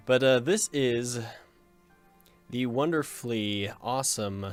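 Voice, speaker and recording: A man's voice: mid-range voice, expressive, takes it slowly, soft background music. A man hosting a gaming video in casual let's play commentary, joking and rambling, often cutting himself off with a chuckle.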